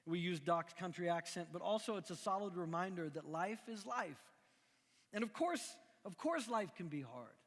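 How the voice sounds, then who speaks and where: A middle-aged man from Missouri preaching a conversational sermon, animated and full of restarts. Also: high voice, normal speed. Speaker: pastor. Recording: long echoing hall reverb.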